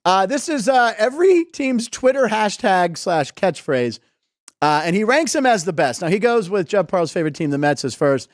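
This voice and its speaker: Sports-comedy host, male, chatty and topic-hopping, higher voice with a dry studio sound. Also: very animated, moderate pace, dry recording. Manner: chatty, jumps between topics, laughs often. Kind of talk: casual sports comedy chat. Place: live studio show.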